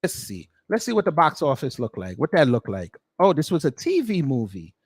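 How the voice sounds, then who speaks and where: A man's voice: fairly high pitch, wildly swooping pitch, a little fast, breathy edge, dry recording, clean studio sound. An American man doing reaction commentary with a sarcastic, incredulous, slangy delivery. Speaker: commentary vlogger.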